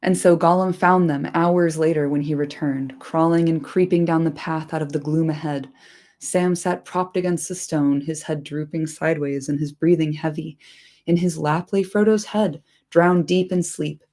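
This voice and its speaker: A woman's voice: low voice, fairly even intonation, normal speed, warm tone. A woman reading a story aloud expressively, dropping in irreverent casual asides. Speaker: reader.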